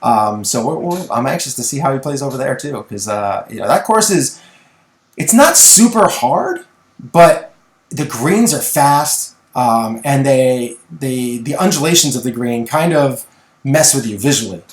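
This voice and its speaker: Middle-aged guy on a podcast telling a story, gets animated, kinda echoey room. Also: mid-range voice, measured pace. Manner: animated storyteller, acts out voices in anecdotes. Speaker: podcast co-host. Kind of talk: casual chat.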